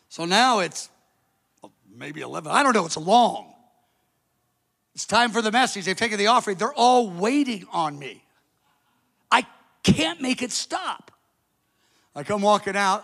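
A man preaching as a pastor, telling a story in an animated way, jumping from loud outbursts to hushed asides and acting out the people in it. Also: high voice, vocal fry. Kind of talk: sermon storytelling.

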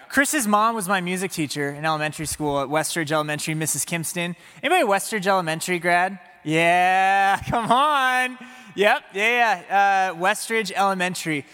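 A man with a high, bright, ringing voice delivers an energetic, playful sermon and keeps turning to the congregation. His words hang in the long reverb of a large church sanctuary. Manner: energetic, playful, speaks to the audience. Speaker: pastor.

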